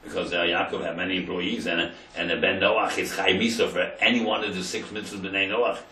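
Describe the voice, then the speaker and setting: A man teaching a Torah class as a rabbi. He tells the story, acts out the quotes, and swings between quiet asides and loud emphasis. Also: deep voice, level tone, brisk, echoey room, distant mic, rough recording.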